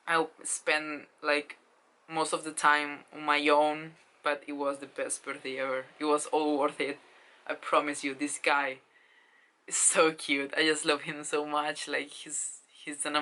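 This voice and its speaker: A woman in her twenties telling a story in a casual vlog, excited and gushing, with lots of fillers and swearing. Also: low voice, poor audio. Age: 20s. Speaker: vlogger.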